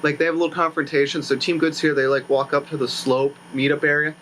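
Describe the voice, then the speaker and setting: A man's voice: fairly high pitch, level tone, fast, a bit bright, slight background noise, rough recording. Rambling young man recapping a movie. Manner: rambling, self-correcting, sarcastic. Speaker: YouTuber reviewing a movie. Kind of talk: casual rambling commentary.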